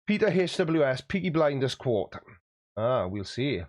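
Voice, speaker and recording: A man's voice: medium pitch, sing-song, a little slow, a little mellow, dry recording, clean studio sound. A man hosting a livestream, chatting in a jokey, self-deprecating way as he reads out viewer comments. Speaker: YouTube host.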